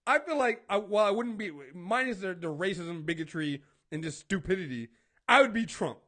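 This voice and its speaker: A man hosting a casual talk show, ranting with animated, swinging pitch and quick pace. His voice sits high for a man. He acts out little exchanges and swears freely. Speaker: podcast host. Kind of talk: casual chat.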